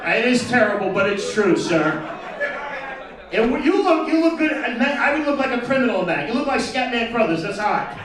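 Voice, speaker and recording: A man's voice: very high voice, big pitch swings, moderate pace. A man doing a crude, brash stand-up set and teasing the crowd at a live event. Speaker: stand-up comedian. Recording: echoey distant mic with crowd. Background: audience chatter and laughter.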